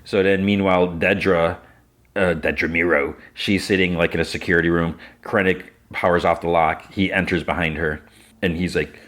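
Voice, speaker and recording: A man's voice: low voice, steady tone, moderate pace, a bit bright. A man hosting a podcast, casually recapping a TV episode scene by scene and retelling it with frequent "he's like.". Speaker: podcast host.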